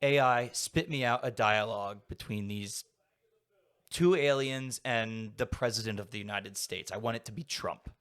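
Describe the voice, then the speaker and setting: A man's voice: on the low side, normal speed, a bit bright. A young adult man talking casually as a podcast guest, rambling and filling his sentences with "like". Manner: rambling, heavy use of "like" fillers. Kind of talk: casual conversation.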